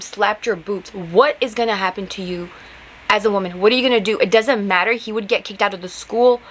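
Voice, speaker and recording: A young woman hosts her own show and tells a story in a loose, rambling way. She sounds exasperated and heated, fires off rhetorical questions and fills her speech with "like" and "okay". Her voice sits at a middle pitch, with faint noise behind it. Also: a bit bright, poor audio. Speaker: podcast host. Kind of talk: casual storytelling monologue.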